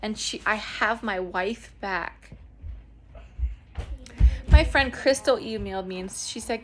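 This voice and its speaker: A woman's voice: normal speed, vocal fry, a little hiss or hum. A woman selling products through a home business, talking earnestly and casually to camera at home, full of fillers and restarts. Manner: grows emotional and lively in pitch. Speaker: network marketing distributor. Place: at home with children nearby.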